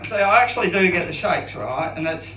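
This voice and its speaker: A man around fifty doing an open mic stand-up set, self-deprecating and halting, with many restarts. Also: high voice, expressive, pushed and bright, recorded from a distance, a little hiss or hum. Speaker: stand-up comedian. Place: comedy club stage. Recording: roomy club sound from off mic.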